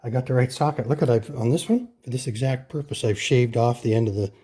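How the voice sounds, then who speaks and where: In his repair shop, a man works on a lawn mower while chatting casually to viewers, correcting himself as he goes in this workshop vlog narration. He talks fast in a mid-range voice with a dark tone.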